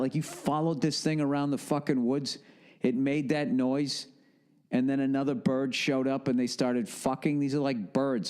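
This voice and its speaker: A middle-aged man, hosting a podcast in an animated, swearing comedic rant with acted-out asides. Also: mid-range voice, normal speed, clear, resonant tone. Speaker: podcast host.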